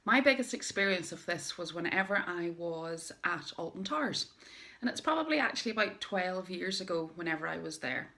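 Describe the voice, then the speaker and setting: In a lowish voice, a middle-aged woman who runs a direct-sales business tells a personal story to the camera to motivate viewers. Her delivery is lively and emphatic, punctuated by dramatic pauses.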